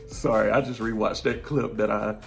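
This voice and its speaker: A man in his thirties, seated at home, gives his viewers a casual vlog update as a vlogger and virtual teacher. His lowish voice has vocal fry, fairly even intonation and a measured pace, with soft music in the background. He's chatty, drifts off topic, and often laughs mid-sentence.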